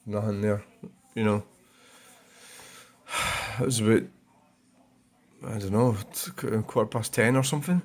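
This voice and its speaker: Rambling low-voiced Scottish man. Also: unhurried, long pauses. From Scotland. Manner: meandering, moaning, swears freely, many fillers. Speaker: vlogger. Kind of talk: casual rambling channel update.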